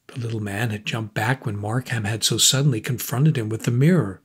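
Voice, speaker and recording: A man reading a classic story aloud as an audiobook narrator, in a measured storytelling manner. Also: fairly low pitch, breathy edge. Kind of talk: scripted narration.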